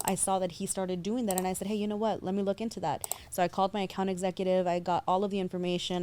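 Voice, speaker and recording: A woman's voice: lowish voice, warm tone. A woman in her thirties from San Diego, a guest explaining her work in a confident, fluent way. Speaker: guest, loan officer. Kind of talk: casual interview.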